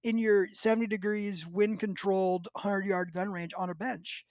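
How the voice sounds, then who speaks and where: High-voiced man telling a lively story. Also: moderate pace, no room sound. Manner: animated storyteller, acts out quotes, laughs often. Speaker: podcast host. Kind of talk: casual storytelling chat.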